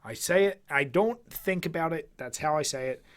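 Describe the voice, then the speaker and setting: A man's voice: fairly high pitch, moderate pace. A young man from Philadelphia with a Philly accent, co-hosting a podcast and teasing his friend in a laughing, profane way. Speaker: podcast co-host. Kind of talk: casual chat.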